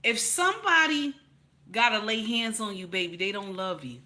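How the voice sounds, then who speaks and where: A woman's voice: medium pitch, expressive, normal speed. A woman giving blunt, profane opinion commentary to camera, preaching and repeating her points for emphasis, often calling listeners "baby". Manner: repeats points for emphasis, rising to loud outbursts. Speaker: commentary channel host.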